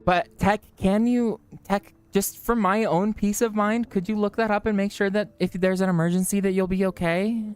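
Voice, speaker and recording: A livestreamer chatting casually with viewers and friends, joking, swearing and mocking themselves, with the pitch jumping high for greetings. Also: steady tone, moderate pace, few pauses, darkish tone, smooth, faint music behind. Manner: joking, profane, self-mocking.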